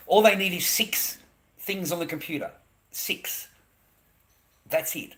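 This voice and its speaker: A man's voice: on the high side, steady tone, normal speed, bright, forceful tone. A middle-aged Australian man in a rambling live-stream monologue, bitter and profane, who keeps repeating himself. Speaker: livestreamer.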